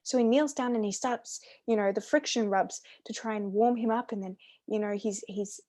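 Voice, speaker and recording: A woman's voice: medium pitch, normal speed, warm tone. Earnest Australian woman sharing faith. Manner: earnest, enthusiastic, repeats words. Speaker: podcast co-host. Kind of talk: casual faith discussion.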